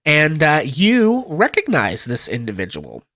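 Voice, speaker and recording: A man's voice: a little high, huge pitch swings, measured pace, fairly bright tone, dry recording, clean studio sound. A man running a tabletop game as game master, rambling with many fillers.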